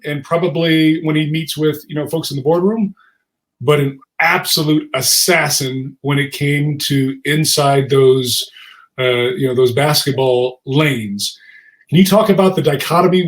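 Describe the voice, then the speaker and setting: Fairly high-voiced male co-host who asks long, conversational questions. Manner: conversational, rambling questions with restarts. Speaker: podcast co-host, former pro basketball player. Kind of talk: interview chat.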